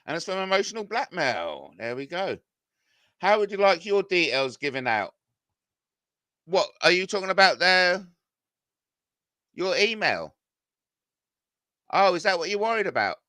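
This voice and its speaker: A middle-aged man reads viewer comments aloud and argues back at them, swearing and getting worked up. His voice sits a touch high and sounds sharp and bright. It is recorded close and completely dry. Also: big pitch swings, measured pace, long pauses, dry recording. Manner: agitated, swearing, voice climbs when confronted. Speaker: YouTuber reading comments. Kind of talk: ranting reaction to viewer comments.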